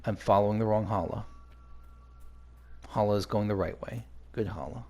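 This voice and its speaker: A man's voice: fairly low pitch, steady tone, normal speed, warm tone. A man rambling through casual gameplay commentary for a let's play, chatty and swearing when frustrated.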